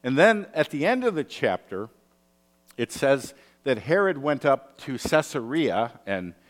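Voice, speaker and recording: A man preaching a sermon, telling stories in an animated way with asides and rhetorical questions. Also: medium pitch, unhurried. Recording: long hall reverb.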